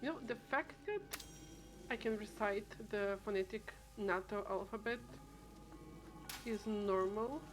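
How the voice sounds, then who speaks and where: With music playing behind her, a woman talks in a medium-pitched voice, a little slowly and with frequent pauses. She's streaming a game, casually thinking out loud, often restarting and trailing off, over steady background noise.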